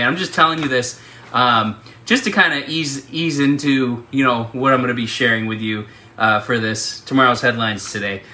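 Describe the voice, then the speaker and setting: Picture a man with a very bright, forward voice telling a story in a casual, chatty way. He laughs often and fills gaps with "um" and "you know". He then moves into a ministry appeal in the same relaxed tone. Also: medium pitch. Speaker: ministry leader.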